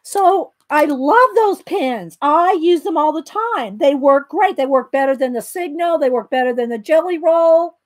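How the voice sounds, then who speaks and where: A woman's voice: high voice, expressive, measured pace, hardly any pauses, no room sound. A woman chats casually while she draws, rambling through a story with lots of ums and restarts. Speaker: art tutorial host. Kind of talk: casual chat while drawing.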